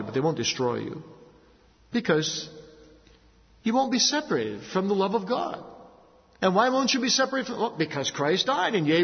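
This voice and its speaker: Earnest preacher in a reverberant hall. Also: male voice. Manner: earnest preaching, dropping low and slow for stories, rising for emphasis. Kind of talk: sermon. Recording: dull sound with long hall reverb.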